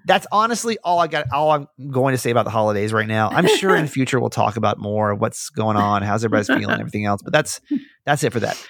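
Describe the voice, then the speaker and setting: A man hosting a podcast, telling stories in a rambling, animated casual chat. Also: on the low side, quick pace, dry recording. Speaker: podcast host.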